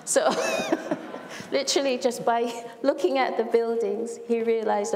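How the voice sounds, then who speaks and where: A woman's voice: a little high, very animated, moderate pace, a little mellow. A woman giving a heartfelt public talk on a large event stage, telling stories animatedly with quoted dialogue. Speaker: speaker at a live event. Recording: long hall reverb, faint noise.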